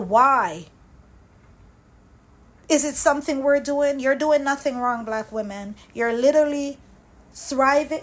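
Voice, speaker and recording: A woman's voice: high voice, low-quality recording. A woman hosting a reaction vlog, ranting with angry, impassioned conviction and hammering her points through repetition. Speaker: commentary channel host.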